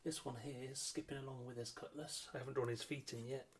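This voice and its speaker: A middle-aged man, a children's illustrator, chatting in a friendly, unhurried way to children while he draws, with frequent ums. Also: medium pitch, steady tone, slight background noise. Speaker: children's author and illustrator leading a drawing workshop.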